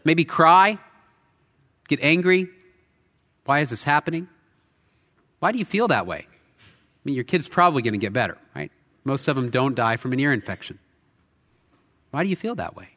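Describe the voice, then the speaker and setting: A male pastor preaching a sermon in a church, earnest, shifting between intense emphasis and quiet reflection. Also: medium pitch. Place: church sanctuary. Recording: long hall reverb.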